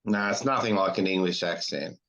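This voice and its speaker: A man's voice: sits low, a little fast, a bit bright. A middle-aged Australian man hosting an interview, blunt and crude in his teasing. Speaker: podcast host. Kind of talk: casual interview chat.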